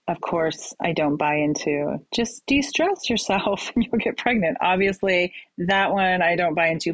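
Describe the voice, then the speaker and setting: Deep-voiced woman therapist, dry sound. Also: no room sound. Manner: thoughtful, advising, frequent fillers. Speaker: therapist guest. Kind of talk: conversational interview.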